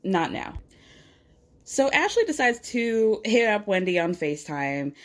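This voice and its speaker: A woman retelling reality TV drama in a casual recap, her pitch bouncing up and down as she talks. She sounds opinionated and animated, with a medium voice that swings widely. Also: a little slow. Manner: opinionated, animated retelling with frequent laughs and sighs.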